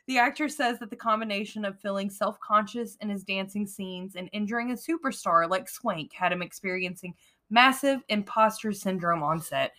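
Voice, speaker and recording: An American woman co-hosting a podcast, chatting casually and reading out trivia with animated emphasis and frequent laughter. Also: medium pitch, moderate pace. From United States. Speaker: podcast co-host.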